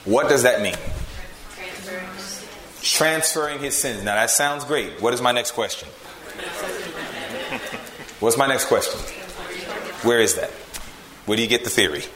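A man's voice: medium pitch, a little slow, pauses often, a faint crowd. Emphatic man preaching in a roomy hall. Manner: emphatic, swings from loud to hushed. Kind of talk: sermon.

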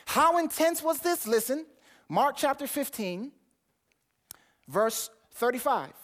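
Earnest guy preaching a sermon, reads old bible verses out loud, repeats himself and quizzes the crowd. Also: very high voice, big pitch swings, slow. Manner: earnest, repeats words while building to a point; reads scripture aloud in King James wording.

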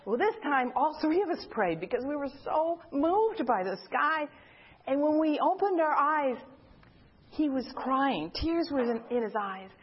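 A woman's voice: high-pitched, a little slow, highs cut off. A woman from a church group telling a personal story to an audience, acting out the voices of the people in it. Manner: animated storytelling, acts out quoted voices. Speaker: church member giving a testimony.

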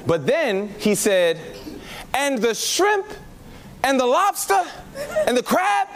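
A man with a high, very expressive voice preaches a testimony sermon. He tells his story in an animated way, swinging up and down as he acts out his own reactions. A faint hiss sits under the speech. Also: slow.

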